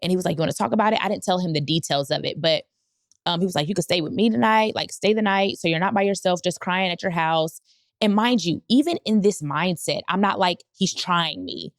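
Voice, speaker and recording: A woman podcast host telling a candid personal story, animated and leaping up in pitch when she quotes people. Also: brisk, no echo, clean studio sound. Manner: animated, jumps high when quoting people.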